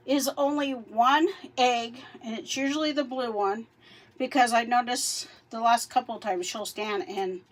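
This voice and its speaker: A woman vlogging outdoors about her backyard chickens, chatting in a rambling way while doing chores and getting out of breath. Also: a little high. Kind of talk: casual vlog.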